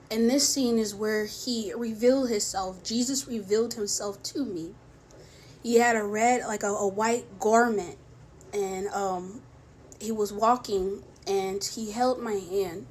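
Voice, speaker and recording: A young woman telling a personal faith testimony in a soft, halting way, with many pauses and restarts, tearful at times. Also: mid-range voice, slight background noise. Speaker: vlogger sharing a faith testimony. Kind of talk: personal testimony, emotional storytelling.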